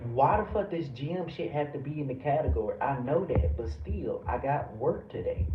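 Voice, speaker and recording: A man from the United States, a live streamer, ranting heatedly and profanely back at his chat. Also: fairly high pitch. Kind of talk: livestream rant at chat. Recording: roomy, distant, dull lo-fi audio with background noise.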